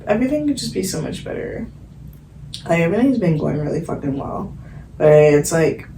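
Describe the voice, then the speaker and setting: A woman's voice: medium pitch, creaky, mellow, slight background noise, rough recording. A woman vlogger channeling late at night at home, rambling dreamily and giggling between thoughts.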